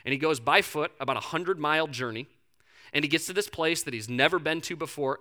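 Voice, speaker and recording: Bright-voiced male pastor preaching. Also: fairly high pitch, fast talker. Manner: conversational, animated storytelling. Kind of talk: sermon.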